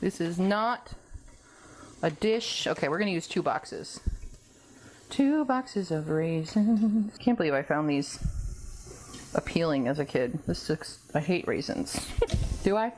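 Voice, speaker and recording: A woman's voice: on the low side, expressive, takes it slowly, pauses often, darkish tone, slight background noise. A woman hosting a casual cooking vlog from her home kitchen. She rambles and laughs a lot, and talks to herself as she works. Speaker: cooking video host.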